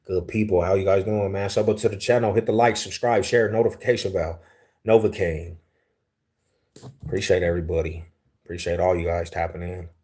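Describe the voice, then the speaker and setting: A man's voice: sits low, steady tone, fairly quick, darkish tone. A young man from Denver hosting a livestream, chatting casually and reading viewer comments aloud in a laid-back, slangy way that is easily amused. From Denver, Colorado, US. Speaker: livestream host.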